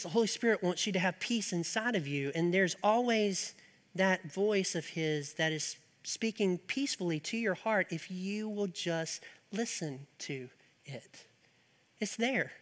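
A man preaching an earnest sermon, moving between emphatic and softer passages, in a reverberant hall. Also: sits high. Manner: earnest, rising to emphatic then dropping soft.

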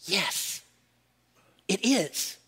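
A man preaching a sermon, animated and joking with his listeners, then dropping to quiet, probing questions. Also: extremely slow. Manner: animated, jokes with the audience, drops to quiet questions.

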